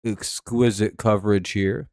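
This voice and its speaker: A man's voice: on the low side, steady tone, a little slow, darkish tone, no room sound. A man hosting a live stream, giving laid-back, dry play-by-play and chatting with viewers. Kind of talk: casual game-watching commentary.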